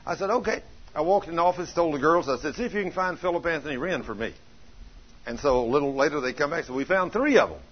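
Male pastor, storytelling sermon delivery, husky tone, slightly muffled lo-fi recording. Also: fairly high pitch, animated, fast talker. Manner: folksy storytelling preacher, swings from loud to hushed.

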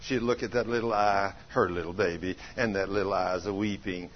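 A man preaching a sermon, telling folksy stories and swinging from loud to hushed. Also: low-pitched, steady tone, brisk, a little hiss or hum. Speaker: pastor. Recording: dull lo-fi sermon recording.

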